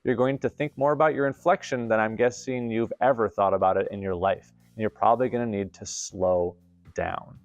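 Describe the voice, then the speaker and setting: A man hosting a theater camp lesson, explaining acting technique in clear, deliberate scripted narration. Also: fairly low pitch, steady tone, highs cut off.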